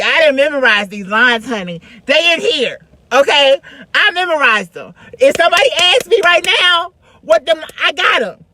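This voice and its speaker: A woman vlogger telling a casual story in a chatty, slangy way, swinging between hushed and loud. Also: sits high, low-quality recording. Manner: chatty, slangy, lots of "like" and "you know".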